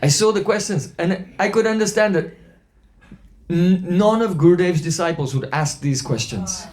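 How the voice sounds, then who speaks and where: Man, spiritual teacher, mellow and slightly high voice, anecdotal sermon with "hmm?" asides. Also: normal speed. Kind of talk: storytelling sermon.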